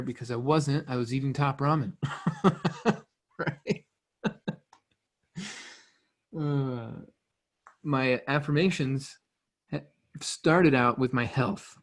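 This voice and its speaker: A man talking in a loose, conversational coaching manner, circling back and repeating phrases as he explains. His voice sits at an ordinary middle pitch, and he sounds relaxed and direct. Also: takes it slowly, pauses often. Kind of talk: casual motivational teaching.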